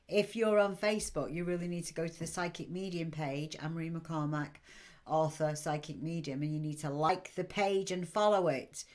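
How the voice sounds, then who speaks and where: A woman with a British accent hosting a psychic live stream, chatty and assertive, reading cards for viewers by name. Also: sits low. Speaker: psychic medium host.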